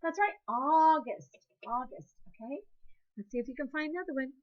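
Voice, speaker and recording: A woman's voice: sits high, lively intonation, moderate pace, highs cut off. A woman from Ohio with an Ohio accent, teaching a second grade phonics lesson in a patient, encouraging, sing-song way. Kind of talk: phonics lesson, call-and-response with pupils.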